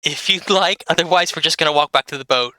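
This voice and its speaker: Hesitant, bright-voiced game master. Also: medium pitch, quick pace, dry recording. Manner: hesitant, with many fillers and restarts. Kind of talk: narrating a tabletop game.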